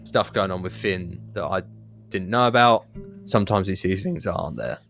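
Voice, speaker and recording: A man telling a story in character, sweary and animated, laughing through it. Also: deep voice, normal speed, vocal fry, soft background music.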